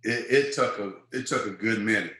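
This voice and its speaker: A man's voice: lowish voice, fairly quick. A man in his fifties, a former football player, telling stories in an interview and acting out quoted voices. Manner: animated storyteller, acts out quoted voices. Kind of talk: storytelling interview. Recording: roomy echo.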